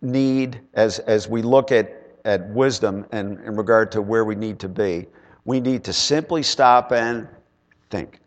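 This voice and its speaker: A man preaching a sermon and telling a personal story, swinging from loud emphatic bursts to quiet, low asides. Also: measured pace. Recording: long hall reverb.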